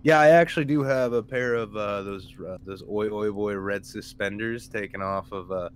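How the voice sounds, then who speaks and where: A man co-hosting a podcast, telling rambling stories with dry, dark humor in a casual chat. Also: lowish voice, normal speed, few pauses, clean tone. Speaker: podcast co-host.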